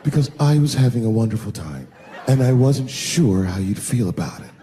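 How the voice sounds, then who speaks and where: A man voicing a flirty, polite trans woman with a soft, sultry voice in a stand-up bit. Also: medium pitch, expressive, long reverb tail, noisy background, voice pushed down, natural voice. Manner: soft, unhurried purr.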